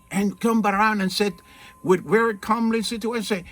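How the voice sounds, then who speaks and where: Sitting in the shade at his home with trees and mountains around, a man talks earnestly and informally about spiritual matters. His high voice is steady and fairly bright at a moderate pace, and he keeps posing rhetorical questions and asking "okay?" while birds and wind chimes sound faintly.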